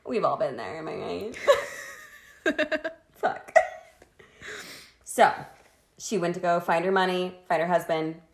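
A woman with a low, gravelly voice tells a history story in a casual chat, swearing and joking as she goes. She sounds a little tipsy from wine. The recording has a noticeably echoey room sound. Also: animated, slow pace, long pauses, slight background noise. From Washington state, US. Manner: crude, jokey, laughs often. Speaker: podcast co-host telling a history story.

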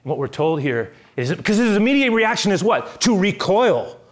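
A man pastor delivering a sermon, telling a story with animated re-enactments. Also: high voice, normal speed. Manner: animated storytelling, acting out scenes.

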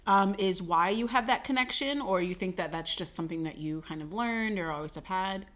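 A woman interviewing a guest in a casual chat, asking friendly questions with animated asides and laughs. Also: mid-range voice, a little fast.

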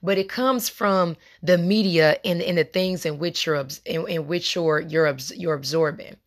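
A woman's voice: on the low side, normal speed. A young adult woman, hosting a podcast monologue in a casual, impassioned way and talking straight to her listeners. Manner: impassioned, conversational, addresses listeners as y'all. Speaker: podcast host.

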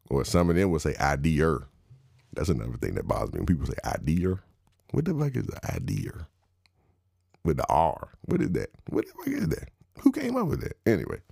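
A young man, giving a wry, mock-instructive comedic rant that jumps high in pitch for emphasis. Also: creaky, a little mellow, dry recording, studio quality.

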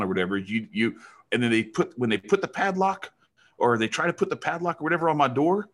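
A man's voice: mid-range voice, expressive, fast, fairly bright tone. A married man hosting a podcast, talking in a heated, profane way with many restarts. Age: adult, married. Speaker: podcast host. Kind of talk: casual podcast chat.

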